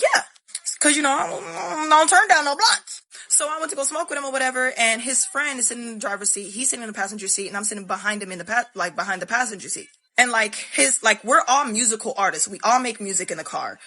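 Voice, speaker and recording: A young woman telling her story straight to the camera, blunt and unfiltered with plenty of swearing. Her voice is bright and forward, sitting at an ordinary middle pitch. She talks like she is venting to close friends. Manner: candid, blunt and profane. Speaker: vlogger. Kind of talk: storytime monologue.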